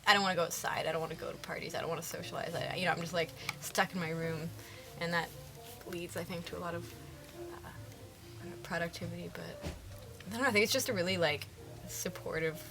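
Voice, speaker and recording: A woman's voice: on the low side, steady tone, quick pace, long pauses, music in the background. A young woman with a Canadian accent, a musician chatting loosely in an interview, rambling and saying "like" a lot. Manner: rambling, heavy use of "like". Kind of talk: casual interview chat.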